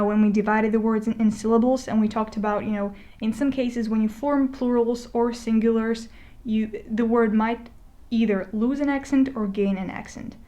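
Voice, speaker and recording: Woman walking thru spanish grammar, kinda high voice, lots of um and you know, slows way down on the examples. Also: dark tone. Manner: conversational, with many fillers and restarts, slowing to spell out example words. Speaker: Spanish teacher. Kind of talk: explaining a lesson over a digital whiteboard. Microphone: voice-over recording.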